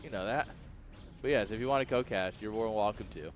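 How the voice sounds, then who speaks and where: A man casting a strategy game match in a relaxed, jokey play-by-play style, chuckling often. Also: lowish voice, fast talker, faint music behind. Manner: laid-back, chuckling, jokey. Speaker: esports caster. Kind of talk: casual play-by-play commentary.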